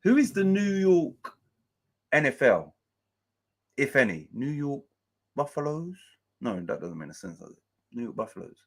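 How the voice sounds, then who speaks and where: A man's voice: mid-range voice, sing-song, moderate pace, pauses often. A man hosting a casual live match-day stream, chatting loosely, swearing freely and reading out chat messages and scores.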